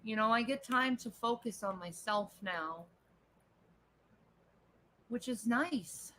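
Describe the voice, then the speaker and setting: A woman's voice: on the high side, takes it slowly, a bit bright, slight background noise, rough recording. A woman chatting casually on a home livestream, answering viewer comments, laughing often and cooing at her pet.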